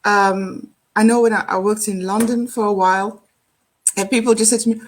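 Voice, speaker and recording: A woman's voice: medium pitch, fairly even intonation, normal speed, background noise. A middle-aged woman from South Africa with a South African accent, speaking reflectively as an interview guest, with many fillers and restarts. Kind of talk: casual interview conversation.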